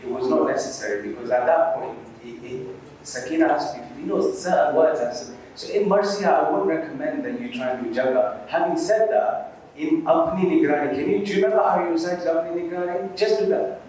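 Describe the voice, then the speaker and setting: A man's voice: fairly high pitch, animated, brisk, darkish tone, a little hiss or hum. A man hosting and judging a recitation contest, giving encouraging feedback full of religious phrases. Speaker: competition host and judge. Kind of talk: live event judging feedback. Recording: echoey hall from far off.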